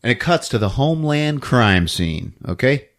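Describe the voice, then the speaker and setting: A man hosting a podcast, recapping a movie in a casual comedic way and acting out the characters in quick voices. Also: mid-range voice. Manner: animated, acts out characters in quick funny voices, laughs often.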